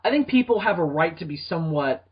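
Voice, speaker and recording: Joking man with a husky voice. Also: a little high, lively intonation, quick pace. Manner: joking, laughs often, swears. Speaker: podcast co-host. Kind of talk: casual comedic chat. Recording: dull lo-fi sound.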